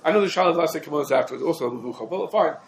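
A man teaching a Torah class, talking quickly and emphatically, his explanations dense with Hebrew and Aramaic legal terms. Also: fairly high pitch, animated, a little hiss or hum, low-quality recording. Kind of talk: rapid halachic lecture.

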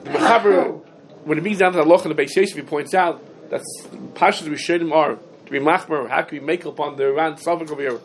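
Rebbe, slightly high voice, sing-song lecture cadence, faint room noise, fields student questions. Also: male voice, quick pace. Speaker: Talmud teacher giving a class. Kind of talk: yeshiva-style halacha lecture.

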